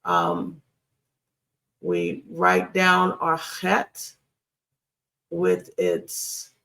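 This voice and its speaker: Slow, gravelly-voiced Hebrew grammar teacher. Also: mid-range voice, very animated, sharp tone. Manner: deliberate, repeats key phrases, frequent ums. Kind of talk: screen-share lesson.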